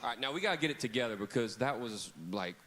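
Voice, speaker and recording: A man's voice: mid-range voice, lively intonation, fast talker, heavy background noise. A man preaching a children's camp sermon in a church hall, leading kids in call-and-response on a handheld mic. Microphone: handheld microphone.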